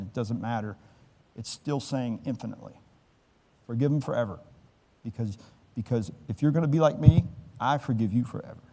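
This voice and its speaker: A man preaching a sermon as a pastor, in a conversational, folksy way, with lively voices for the people in his stories. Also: mid-range voice, moderate pace. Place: church sanctuary. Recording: long church hall reverb.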